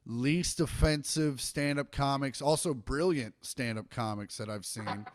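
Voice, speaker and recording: A middle-aged man, a stand-up comic, trades profane stories in a casual podcast chat, acting out the quotes with animated energy. His voice sits in the mid range and moves a little slowly, recorded at studio quality with no echo.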